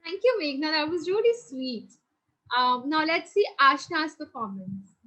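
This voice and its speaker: A woman's voice: high-pitched, lively intonation, unhurried, pushed and bright, low-quality recording. A young woman who patiently guides students through an online drama class over a video call. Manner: patient, encouraging, explains step by step. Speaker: drama teacher.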